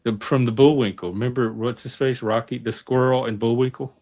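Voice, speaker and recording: A man hosting a casual panel chat, teasing and wisecracking with quick asides. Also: medium pitch, fairly even intonation, darkish tone, soft background music. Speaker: host.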